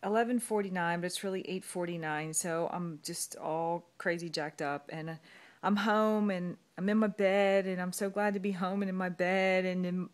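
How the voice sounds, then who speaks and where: A fitness coach records an emotional video message on her phone camera while in bed at home, rambling as she holds back tears. Her voice is on the low side, with a steady tone and normal speed.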